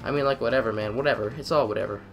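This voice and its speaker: A young man giving excitable let's-play commentary, trash-talking the game and repeating phrases in quick bursts. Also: mid-range voice, gravelly, lo-fi sound, soft background music. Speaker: gamer.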